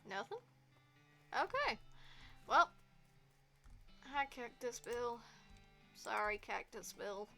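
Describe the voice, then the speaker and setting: A woman streamer reads a text adventure aloud and reacts to it with playful asides. Her voice is fairly high and very animated, and faint music plays behind her. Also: takes it slowly, creaky, pauses often. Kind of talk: reading a text game aloud.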